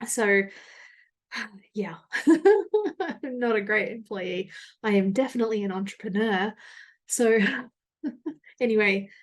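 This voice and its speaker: A woman's voice: medium pitch, animated, takes it slowly, pauses often. Brief: woman in her thirties, solo podcast host, candid and rambling, self-mocking, frequent laughter.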